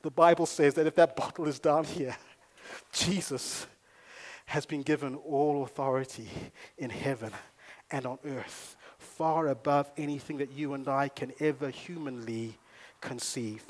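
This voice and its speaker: A man preaching a sermon as a pastor. He moves between quiet storytelling and loud, emphatic preaching. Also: mid-range voice, steady tone, a little slow.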